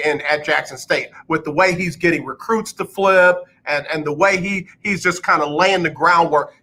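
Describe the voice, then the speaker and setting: A man hosting a radio talk show, chatting casually and emphatically, rising loud when excited. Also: on the high side.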